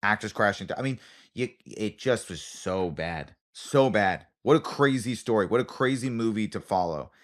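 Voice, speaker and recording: A man co-hosting a comedy podcast in casual chat, an animated storyteller who repeats phrases for emphasis. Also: on the low side, moderate pace. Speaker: podcast co-host, comedian and actor.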